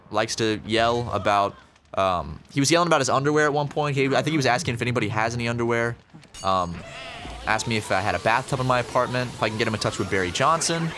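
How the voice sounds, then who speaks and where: A man's voice: medium pitch, animated, fast, a bit bright, slight background noise. Rambling young man telling a story. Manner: rambling, profane, lots of fillers. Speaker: podcast co-host. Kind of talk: casual storytelling chat.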